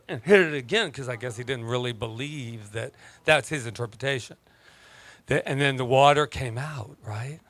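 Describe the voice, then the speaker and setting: A man preaching a casual sermon as pastor, telling stories in an animated, joking way. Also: mid-range voice, no echo. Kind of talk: conversational sermon.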